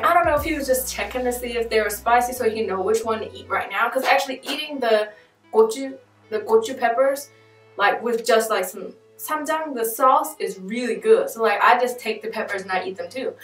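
A woman's voice: on the high side, moderate pace, a bit bright. A young woman vlogging in a casual, chatty way, full of joking asides and laughs. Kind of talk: casual vlog chat. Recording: echoey room, mic at a distance, faint music.

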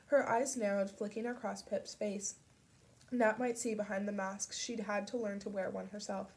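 A woman narrating an audiobook in a steady, measured reading voice. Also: mid-range voice.

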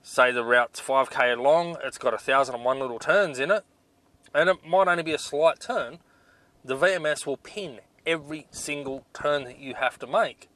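A man's voice: medium pitch, pushed and bright. A man reviewing off-road navigation gear in a casual vlog, blunt and exasperated, with lots of ums. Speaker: 4WD touring vlogger.

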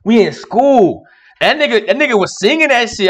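A young man hosting a casual basketball reaction video, talking in animated, slangy street speech full of swearing. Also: moderate pace. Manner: animated, swearing, slangy street talk, rising to high shouts.

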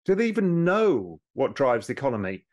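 A British man speaking as an interview guest, animated and explanatory, with a lively way of making his points. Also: medium pitch, brisk. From Britain. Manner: animated, explanatory, mimics people for effect. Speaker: guest, former hedge fund manager. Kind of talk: conversational interview.

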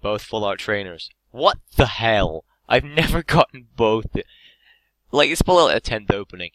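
A man's voice: fairly low pitch, lively intonation, moderate pace, fairly bright tone, dry recording. A young man with an English accent, opening card packs on camera in hyperactive, sweary casual commentary. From England. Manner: hyperactive, swearing, laughing often.

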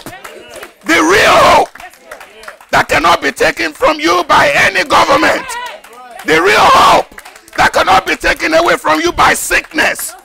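An older man preaching a fervent sermon as pastor, building to shouted, repeated lines. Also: very high voice, vocal fry. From Nigeria. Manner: fervent preaching, rises to shouted emphasis and repetition.

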